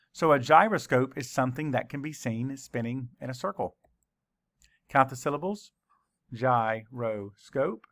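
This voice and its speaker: A man's voice: mid-range voice, fairly bright tone, no room sound, clean studio sound. A man teaching a spelling lesson to children, sounding out words and spelling them letter by letter. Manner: slow, deliberate letter-by-letter spelling.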